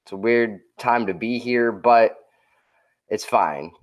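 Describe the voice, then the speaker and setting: A man's voice: mid-range voice, takes it slowly, lo-fi sound. A man co-hosting a podcast, talking about his week in a laid-back, easygoing way. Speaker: podcast co-host. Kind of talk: casual chat.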